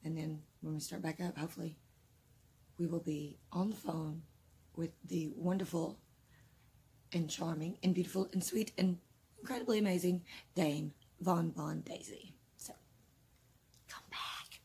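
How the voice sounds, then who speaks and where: A woman's voice: lowish voice, steady tone, normal speed, creaky, warm tone, breathy edge. A woman vlogging casually to her viewers, nervous and flustered, rambling with lots of fillers. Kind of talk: casual vlog talk to camera.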